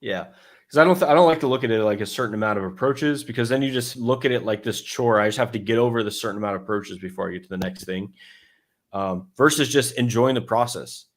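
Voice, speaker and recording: A man's voice: medium pitch, fast. A man talking loosely through his coaching method as a dating coach, with lots of fillers and restarts, acting out his own thoughts as quotes. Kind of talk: casual explanatory talk.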